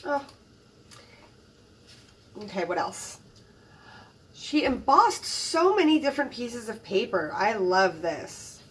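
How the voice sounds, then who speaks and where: A woman hosting a crafting channel, narrating an unboxing in a casual, gushing way, admiring each item with soft exclamations. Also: on the high side, very animated, slow, pauses often, far from the mic, a little hiss or hum.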